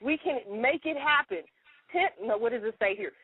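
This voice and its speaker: This co-host's voice is high-pitched, animated and slightly rough, with no echo, coming over a tinny, dry phone line. She's sitting in her parked car, reading a letter aloud on a casual radio chat, ranting indignantly and talking fast.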